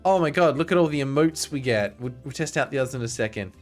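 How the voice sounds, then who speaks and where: Chatty excitable guy streaming a game, joking around and talking to chat, middle pitch. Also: fast, faint music behind. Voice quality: excitable, chatty, jokey, often chats with viewers. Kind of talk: casual game-stream commentary.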